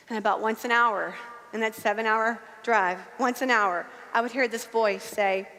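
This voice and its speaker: A woman in her thirties giving a motivational speech on stage, emphatic and switching between shouts and hushed, intimate passages. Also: a little high, fairly even intonation, normal speed. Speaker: sales director giving a keynote speech. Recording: reverberant hall.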